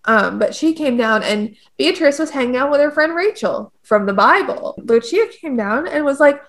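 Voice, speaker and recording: A woman's voice: high-pitched, animated, moderate pace, few pauses. A young woman co-hosting, casually explaining a classic poem in a slangy, joking way. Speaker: co-host.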